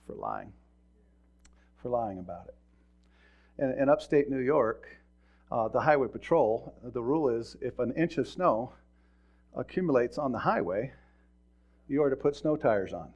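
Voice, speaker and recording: A man's voice: mid-range voice, animated, normal speed, a little mellow, lo-fi sound. A middle-aged man, a pastor, giving a folksy sermon full of stories, often repeating words and chuckling as he tells them. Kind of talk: sermon with storytelling.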